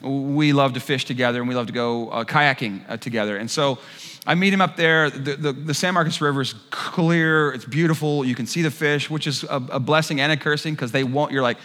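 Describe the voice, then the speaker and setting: A man's voice: medium pitch, brisk. A man preaching a sermon, telling a funny personal story and acting out the quoted voices in it before turning it into a lesson. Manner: animated storyteller, acts out quotes with shouts. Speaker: pastor. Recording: long hall reverb.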